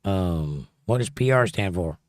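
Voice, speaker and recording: A man's voice: sits low, animated, unhurried, no echo, studio quality. A man hosting a casual livestream, reading viewer comments aloud and joking about them. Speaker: livestream host reading chat. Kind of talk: casual chat. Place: home livestream setup.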